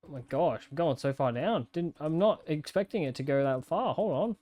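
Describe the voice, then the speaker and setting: A young man giving live let's-play commentary, chatting to himself with sudden excited outbursts. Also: a little high, normal speed. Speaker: gaming content creator.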